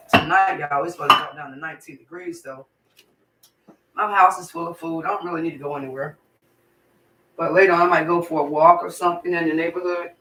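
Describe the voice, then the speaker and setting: An older woman hosting a cooking livestream from her home kitchen chats warmly and ramblingly with viewers, speaking straight to the chat. Her low voice is hoarse and congested, and she sounds distant from the mic.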